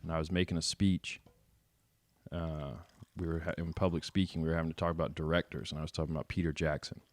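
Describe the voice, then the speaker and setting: A man's voice: very deep voice, level tone, quick pace, no echo. A young man with a Southern US accent, co-hosting a podcast, telling stories and cracking wry jokes in casual chat. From American South. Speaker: podcast co-host.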